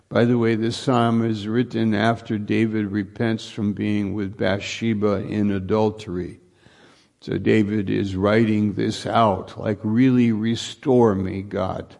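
A man's voice: lowish voice, creaky, a little mellow. A man preaching a sermon, earnest and repetitive, building to emphatic lines.

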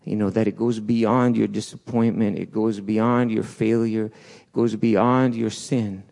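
A man preaching a sermon in a church, swinging between loud urgent peaks and soft low asides, with restarts along the way. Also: level tone, measured pace, creaky. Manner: passionate, rises and falls, restarts, acts out quotes.

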